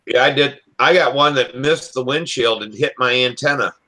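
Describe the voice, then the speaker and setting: A man's voice: medium pitch, moderate pace, bright, forceful tone. Plain-spoken man from Michigan. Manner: plain-spoken, asks the others questions. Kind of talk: casual chat, swapping stories. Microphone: video call.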